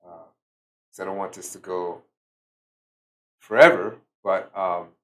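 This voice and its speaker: A tired man giving a slow, reflective solo talk as a spiritual teacher, pausing often with fillers. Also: low-pitched, little pitch movement. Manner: slow, musing, with many fillers.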